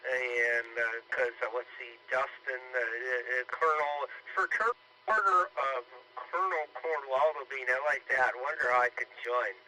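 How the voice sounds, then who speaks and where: A man's voice: mid-range voice, fairly even intonation, a little slow, pushed and bright. A tired, winded man checking in on a ham radio net, rambling with many fillers. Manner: rambling, filler-heavy, self-deprecating. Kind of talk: casual radio chat. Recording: noisy radio transmission.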